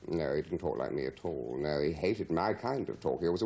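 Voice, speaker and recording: Deep, drawling theatrical man. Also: expressive, brisk, few pauses, warm tone, a little hiss or hum. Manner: drawls out vowel sounds, theatrical. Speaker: interviewee. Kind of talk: archive interview.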